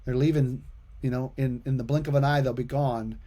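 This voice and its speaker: A man's voice: mid-range voice, fairly even intonation. Male podcast host, middle-aged; casual, stammering, thinks aloud. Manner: warm-hearted, halting, stammers and restarts. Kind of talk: podcast interview, casual chat.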